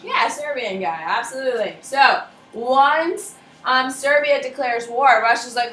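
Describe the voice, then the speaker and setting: A woman's voice: high voice, expressive, moderate pace, a bit bright, slight background noise. A woman teaching a history class in a casual, joking way, quizzing students by name and acting out countries in funny voices. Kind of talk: classroom lecture. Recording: echoey classroom from far off with faint ambience.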